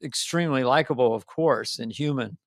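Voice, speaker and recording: An older man co-hosting a podcast in casual chat, rambling and animated, often slipping into little voices. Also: medium pitch, a little fast, gravelly, no room sound, studio quality. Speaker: podcast co-host.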